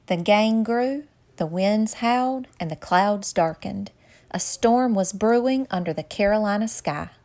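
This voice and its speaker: A woman's voice: medium pitch, measured pace, darkish tone. A woman reading a children's picture book aloud with dramatic, suspenseful narration. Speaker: storyteller. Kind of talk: storybook read-aloud.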